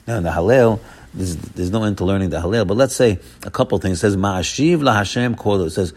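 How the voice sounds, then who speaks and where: A man teaching a Torah class as a rabbi, emphatic, swinging between loud exclamations and low murmurs and repeating words for stress. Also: quick pace.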